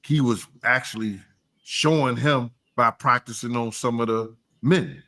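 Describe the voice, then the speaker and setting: A man's voice: unhurried, pushed and bright. A man co-hosting a casual reaction podcast, making his points emphatically and repeating himself. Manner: emphatic, repeats points, trails into low mumbling. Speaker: podcast co-host.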